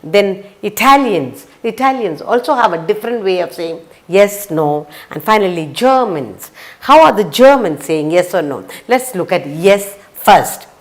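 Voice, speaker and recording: In this children's vocabulary lesson, the teacher, a woman with an Indian English accent, repeats every word and spells the letters aloud. Her medium-pitched voice is animated, and her pace is slow and sing-song.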